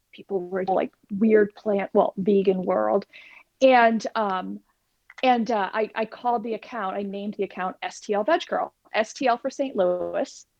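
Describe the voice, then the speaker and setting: A woman's voice: medium pitch, no echo. A woman, a plant-based cooking instructor, telling her personal story as a guest in an interview and acting out the dialogue. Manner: animated, acts out quoted dialogue. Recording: dull lo-fi recording, dry.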